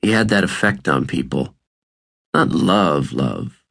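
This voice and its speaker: Slow, low-voiced man narrating. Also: animated, gravelly, a bit bright. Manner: measured, deliberate reading. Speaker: audiobook narrator. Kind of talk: scripted narration.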